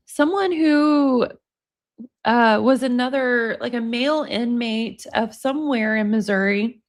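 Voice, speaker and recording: A woman in her forties hosting a casual live-stream, chatting and reading viewer comments aloud with frequent laughs. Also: a little high. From United States. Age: 40s. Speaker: livestream commentary host.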